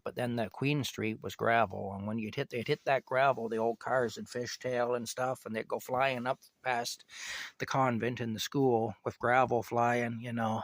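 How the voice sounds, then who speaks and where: Gravelly older man telling a story. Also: medium pitch, a bit bright, no echo. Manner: rambling, conversational, frequent "anyway" and "you know". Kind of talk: casual personal storytelling.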